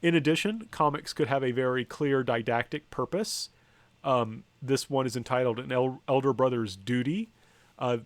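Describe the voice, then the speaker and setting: A man's voice: medium pitch, dry recording. Dry-sounding, hesitant male lecturer. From United States. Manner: conversational, hesitant, many ums and self-corrections; wry asides. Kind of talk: university lecture on slides.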